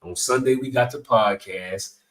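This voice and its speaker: A man's voice: lowish voice, unhurried. A man hosting a political commentary channel, talking bluntly in slang straight to his viewers. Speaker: channel host.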